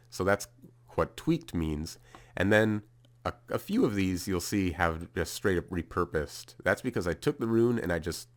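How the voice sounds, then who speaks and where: Very deep-voiced man explaining casually. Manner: casual, thinking aloud, fillers and restarts while sounding out runes. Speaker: video creator explaining a rune spelling system.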